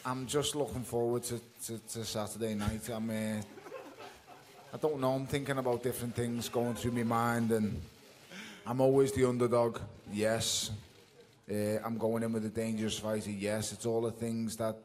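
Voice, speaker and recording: A man's voice: medium pitch, flat delivery, normal speed, crowd noise. A man speaking as a boxer at a press conference, blunt and plain-spoken, swearing casually.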